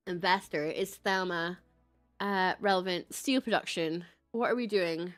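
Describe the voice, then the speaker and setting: A Scottish woman talks slowly and chattily over a game livestream, poking fun at herself as she reads. Her voice sits in a middle range and sounds dry and close to the mic. Faint music plays underneath. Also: fairly low pitch, very animated, a bit bright, no room sound. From Scotland. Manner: chatty, self-mocking, laughs often. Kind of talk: casual game commentary.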